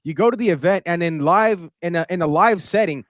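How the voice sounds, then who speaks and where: A man hosts a podcast interview, talking with hype-driven energy. His voice sits a touch high. The sound is dry and close. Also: a little fast, no echo. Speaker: podcast host.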